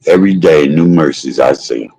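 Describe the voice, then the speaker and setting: A man's voice: rumbling low, normal speed, gravelly, dark tone, breathy edge, poor audio. An older man hosting a live food stream who drifts into emphatic, folksy preaching. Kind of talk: mukbang stream talk turning into preaching.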